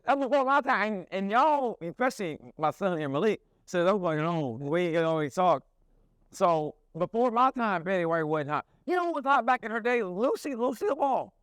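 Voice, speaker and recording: A man's voice: sits high, big pitch swings, moderate pace, a bit bright, no echo, clean studio sound. A man co-hosting a podcast, telling profane comedic stories full of put-on voices. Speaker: podcast co-host. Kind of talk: casual comedic chat.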